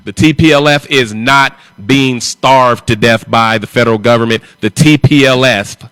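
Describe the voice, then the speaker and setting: A man's voice: medium pitch, moderate pace, fairly bright tone, clear, resonant tone, dry recording. A man hosting a live stream, talking in an emphatic, repetitive and confrontational way. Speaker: livestream host.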